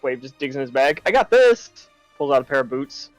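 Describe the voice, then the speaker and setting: A man playing a tabletop game, chatting in an excitable, joking way. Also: mid-range voice, fast, soft background music. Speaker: player. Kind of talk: casual game chat.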